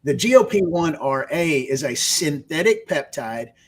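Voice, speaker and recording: This Texas-accented man is a research executive appearing as a radio guest, walking listeners through technical science one step at a time. He sounds animated and takes his time, his voice on the high side.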